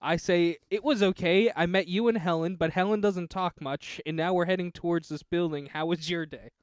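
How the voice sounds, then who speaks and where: A man's voice: sits high, fairly even intonation, normal speed, clean tone, dry recording, studio quality. A man on a podcast, casually reading out a text adventure game and joking about it. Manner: reads game text aloud with laughing asides. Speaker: podcast co-host.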